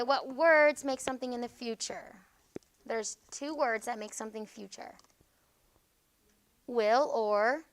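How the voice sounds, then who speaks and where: A woman teacher leading a classroom grammar lesson, patient and explanatory, often checking in with "okay?". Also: a little high.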